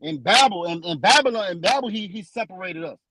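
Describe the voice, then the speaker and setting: A man teaching from scripture in a preaching style, emphatic and repetitive, slowing down to read verses aloud. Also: high voice, expressive, sharp tone, poor audio. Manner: emphatic and repetitive, restates lines for stress; slows down when reading verses aloud.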